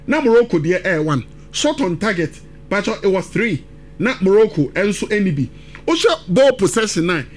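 A football pundit with a high-sitting voice analyzes games on a radio talk show, very animated and emphatic at a normal speed. He switches back and forth between Twi and English.

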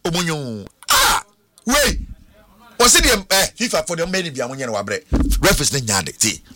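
A man with a Ghanaian accent presenting football news on the radio in a lively, sing-song, playful way. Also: fairly high pitch, normal speed, no echo. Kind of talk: radio sports chat, mixing Twi and English.

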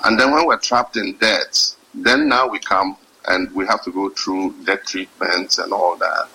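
Head of state, male, husky bright voice, deliberate and emphatic delivery. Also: low-pitched, steady tone, poor audio. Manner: measured, emphatic, slows down to stress points. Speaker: head of state giving a speech. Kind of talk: formal speech.

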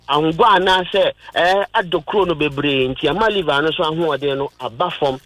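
A man's voice: on the high side, a bit bright, no echo, low-quality recording. Ghanaian man explaining health on radio. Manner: explanatory, mixing in English terms. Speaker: radio health talk host.

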